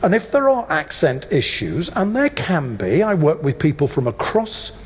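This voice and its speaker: Emphatic male voice coach, lively pitch. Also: husky. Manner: emphatic, deliberate pauses. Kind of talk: workshop teaching. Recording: dull sound in a reverberant room.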